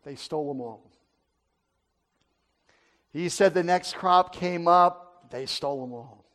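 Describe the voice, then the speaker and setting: Male preacher, high-pitched, animated sermon storytelling, drops to a near hush then rises loud. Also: takes it slowly. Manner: animated storyteller, swinging between loud and hushed.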